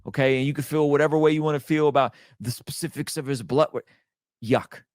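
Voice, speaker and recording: A man's voice: on the high side, fairly even intonation, brisk, no room sound, studio quality. A man giving critical, sarcastic commentary in a video clip. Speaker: online commentator.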